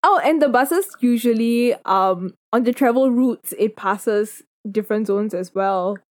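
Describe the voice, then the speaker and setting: A young woman hosts a casual podcast in a slightly high voice, recorded close and dry. She is playful and self-mocking with her friends before settling into telling the story. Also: measured pace, no room sound. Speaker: podcast host. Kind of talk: casual chat, telling a true crime story.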